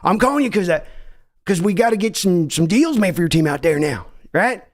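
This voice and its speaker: Brash older Texan owner played by a man, put-on drawl, bossy and folksy, pitched up high and lively. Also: a little fast. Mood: pushy, folksy. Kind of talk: comedic impression skit.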